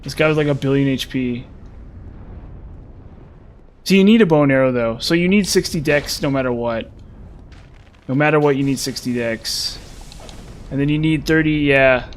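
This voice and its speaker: A young man streaming a game and talking to his viewers at a middle pitch. He mocks his own mistakes and slips into loud, exasperated complaints. A faint hum sits underneath the voice. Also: moderate pace, long pauses. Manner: frustrated, self-mocking, breaks into loud exasperated outbursts. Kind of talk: live gameplay commentary chatting with viewers.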